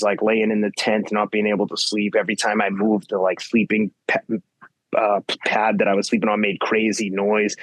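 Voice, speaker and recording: This is a podcast guest with a fairly low male voice, recorded with no room sound. It's a casual storytelling interview where he relives his races in an animated way, bluntly, intensely, and with plenty of cursing.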